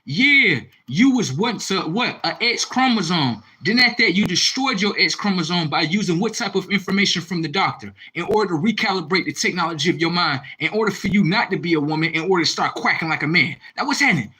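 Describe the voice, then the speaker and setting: High, bright-voiced man ranting live. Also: expressive, fairly quick, few pauses, husky, low-quality recording. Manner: confrontational, repetitive, loud outbursts. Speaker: livestreamer. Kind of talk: ranting live stream reacting to comments.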